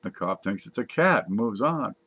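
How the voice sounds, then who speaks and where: A man's voice: moderate pace, husky. Guy reading jokes off a sheet, voice jumps up and down a lot, casual. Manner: reads jokes aloud from a page, lively, putting on squeaky voices for punchlines. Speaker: joke reader.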